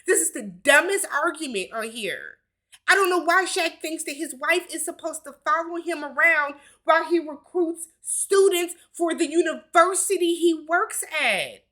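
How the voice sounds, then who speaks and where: A high, bright-voiced woman recaps a reality show. She talks casually and bluntly, swears freely and sounds openly exasperated. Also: lively intonation, measured pace. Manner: blunt, exasperated, profane commentary.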